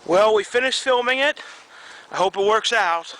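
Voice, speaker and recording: A young man with a hoarse voice, chatting and joking to camera in a casual vlog, recorded on a camcorder. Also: high-pitched, moderate pace, sharp tone, low-quality recording. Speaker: vlogger. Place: outdoors in woods, then indoors at home. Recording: faint background noise.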